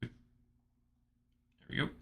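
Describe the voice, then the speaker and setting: A man hosting a live software modeling stream, thinking aloud in casual chat as he works. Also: takes it slowly. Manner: chatty, thinks aloud with restarts while clicking. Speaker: livestream host modeling in software.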